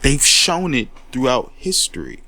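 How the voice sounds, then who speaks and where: A man's voice: medium pitch, big pitch swings, unhurried, pushed and bright, no room sound. Fired-up man ranting, voice leaping around. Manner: confrontational, profane, repeats words when worked up. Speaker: commentary host. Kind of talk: heated monologue rant.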